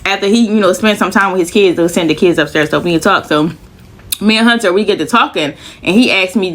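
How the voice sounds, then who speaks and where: A woman's voice: medium pitch, lively intonation, fast, a bit bright. A woman telling a long personal story in casual, profane speech, out of breath, repeating lines for emphasis. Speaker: storyteller vlogger.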